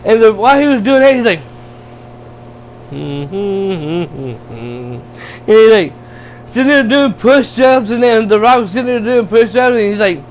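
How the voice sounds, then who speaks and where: A man casually retelling a movie, excited and laughing, with lots of stumbling restarts and swearing. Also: sits high, unhurried, slight background noise, low-quality recording. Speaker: gaming channel host reviewing a movie. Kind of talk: casual rambling movie recap.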